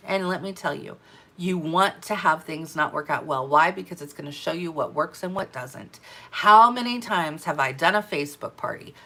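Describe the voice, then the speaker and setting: A woman coaching her sales team in an energetic, emphatic talk, repeating her key phrases for effect. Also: lowish voice. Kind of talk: motivational business talk to camera.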